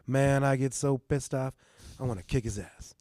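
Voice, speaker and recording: A middle-aged man casually telling a story on a podcast, animated and swearing, often asking "you know what I mean". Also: mid-range voice, moderate pace, no echo, studio quality. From Mexican heritage. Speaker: podcast host.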